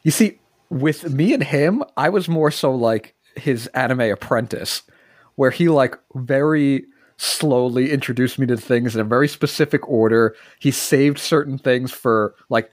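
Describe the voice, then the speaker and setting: A man's voice: medium pitch, measured pace, no echo, studio quality. A man in his thirties on a podcast, telling a story in casual chat and chiming in with laughs and quips. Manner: laughs often, chimes in with quips. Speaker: podcast co-host.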